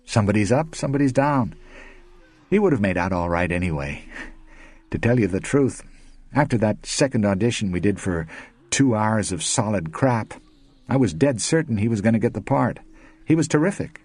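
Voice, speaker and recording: A man's voice: lowish voice, animated, moderate pace, a little mellow, no room sound, voice pushed up. A man voicing a bitter, sardonic blind actor in an audiobook, mocking and rueful. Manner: sarcastic, mocking.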